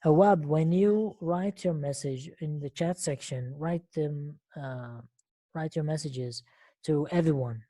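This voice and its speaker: On an online call, a woman with a low, mellow voice teaches an English lesson. She speaks patiently, repeating words and questions for her learners.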